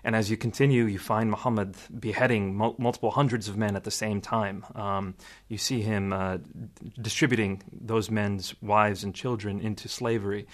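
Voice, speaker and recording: A man, a guest in an interview, explaining in a measured way and quoting sources at length. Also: fairly low pitch, fairly even intonation. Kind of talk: interview answer.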